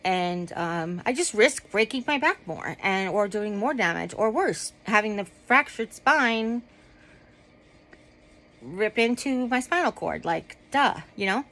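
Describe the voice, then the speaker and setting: A woman's voice: medium pitch, expressive, measured pace, a bit bright, rough recording. A woman vlogging casually from home while lying down, rambling with many ums and asides. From United States. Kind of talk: casual chat to camera.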